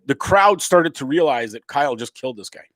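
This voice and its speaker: A man's voice: medium pitch, lively intonation, a little fast, fairly bright tone, no room sound. Angry ranting man, dry close sound. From Canada. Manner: angry, emphatic, swearing freely. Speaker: comedian. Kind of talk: profane political rant to camera.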